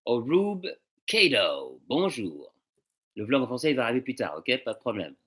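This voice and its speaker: A man hosting a casual music livestream, greeting viewers by name in a relaxed, chatty way and slipping into French and Spanish greetings. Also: mid-range voice, a little fast, slightly rough. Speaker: musician hosting a live stream.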